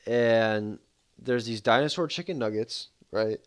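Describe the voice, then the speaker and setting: A man's voice: medium pitch, unhurried, clear, resonant tone. A man streaming a game, chatting casually in a rambling, laid-back way full of fillers. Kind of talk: casual livestream commentary.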